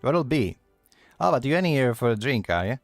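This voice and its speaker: A worldly male tavern keeper with a gruff edge, as a man reads him aloud. The lines come haltingly and trip over the dialect, at an ordinary middle pitch. Faint game music plays underneath. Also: very animated, dry recording. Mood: stumbling.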